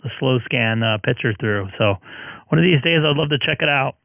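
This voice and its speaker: A man's voice: mid-range voice, vocal fry, dry recording, phone-quality sound. Man losing his voice, dry close mic. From Southern California. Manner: relaxed, halting with many fillers. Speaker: ham radio live streamer. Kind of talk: casual radio chat.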